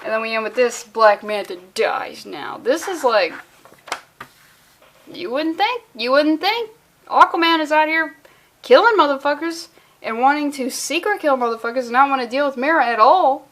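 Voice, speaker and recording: A woman's voice: sits high, lively intonation, normal speed, a bit bright. A woman casually reviewing a comic book, sarcastic and profane, acting out the characters' lines in passing.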